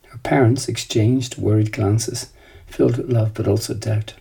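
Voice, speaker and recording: Gravelly, husky male storyteller. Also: fairly low pitch, fairly even intonation, moderate pace, warm tone, low-quality recording. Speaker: narrator. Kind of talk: scripted storybook narration.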